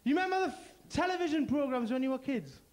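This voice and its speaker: A man's voice: very high voice, lively intonation, quick pace. A man from Gateshead with a Geordie accent doing a crude, punchy stand-up set and bantering with the crowd. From Gateshead, North East England. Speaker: stand-up comedian.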